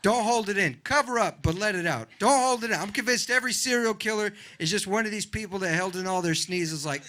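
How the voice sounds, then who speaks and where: A young man doing a stand-up comedy set in a club, animated and acting out other people in loud voices. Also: high-pitched, brisk, few pauses, slight background noise. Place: comedy club with a live audience.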